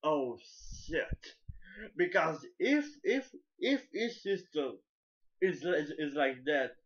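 A man's voice: a little high, sing-song, slow. A man casually recapping an anime episode, stumbling over his words with many repeats and now and then swearing. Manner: casual and profane. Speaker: anime reviewer. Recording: dull lo-fi recording.

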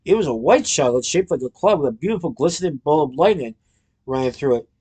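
A man narrating a children's story in an expressive storytelling manner. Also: on the high side, fast talker, slightly rough. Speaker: audiobook narrator. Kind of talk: scripted narration.

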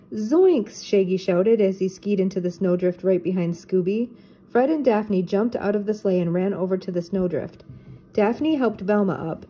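An older woman reading a children's storybook aloud, steady and clear. Her voice is mellow and soft-edged, at an ordinary pitch for a woman.

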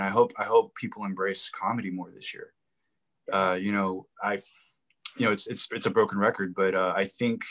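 A man who acts and does comedy, a guest in a casual interview, telling lively anecdotes. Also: lowish voice.

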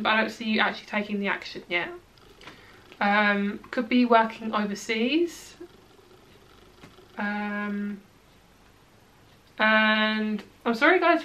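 A woman's voice: fairly high pitch, a bit bright. A young woman giving a casual tarot reading to her viewers, chatty and reassuring, with plenty of "like" and "um" fillers. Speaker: tarot reader.

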